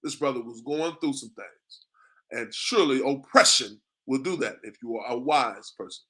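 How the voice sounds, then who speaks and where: A man preaching on scripture, tagging lines with "man" and slowing to a drawn-out cadence when he reads verses. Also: mid-range voice, fairly bright tone. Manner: conversational, repeats "man" and "you know what I mean". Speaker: street preacher. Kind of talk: street-corner preaching with scripture reading.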